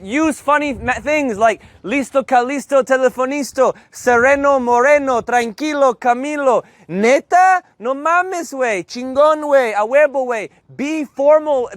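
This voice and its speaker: A man from Canada teaching a live Spanish class, telling a story in a playful, animated way and acting out the voices. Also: very high-pitched, no echo. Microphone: loudspeaker mic.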